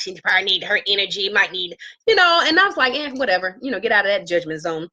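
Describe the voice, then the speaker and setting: A woman casually telling a story to live viewers from her home, acting out quoted lines in a higher voice. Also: low-quality recording. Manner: animated, acts out quotes in a high voice. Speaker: live-stream vlogger. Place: home with herbs around.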